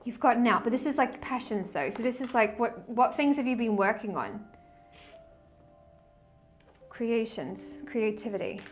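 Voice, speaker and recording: An excitable woman with a high voice does a casual tarot reading in a gushing rush. She often breaks into snatches of song. The sound is a little dull, with soft music underneath. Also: measured pace, pauses often. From Australia. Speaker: tarot reader.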